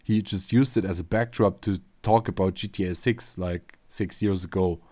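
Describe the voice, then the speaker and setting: A man's voice: deep voice, fairly even intonation, moderate pace, dark tone, no echo. A man with a German accent, chatting loosely on a livestream as a machinima creator, rambling and swearing casually.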